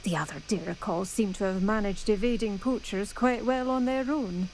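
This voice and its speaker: A woman doing a soft-spoken Scottish lady. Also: medium pitch, normal speed, a little hiss or hum, natural voice, low-quality recording. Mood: earnest. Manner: soft, doting, earnest. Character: gentle adult woman fond of a rare bird. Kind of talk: game character dialogue.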